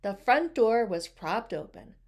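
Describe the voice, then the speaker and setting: A woman reading a picture book aloud, expressive and talking to the listeners with questions. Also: medium pitch, measured pace. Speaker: storybook reader.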